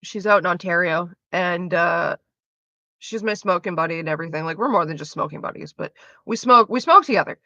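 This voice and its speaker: A woman streamer in casual chat with her viewers, rambling fast and swearing freely. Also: on the low side, pushed and bright, no echo, highs cut off.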